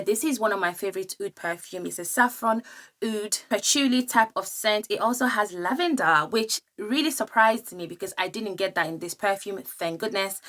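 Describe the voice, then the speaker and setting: A woman's voice: medium pitch, fairly bright tone. A young woman reviewing perfumes in a gushing, enthusiastic vlog style. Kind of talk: casual product review vlog.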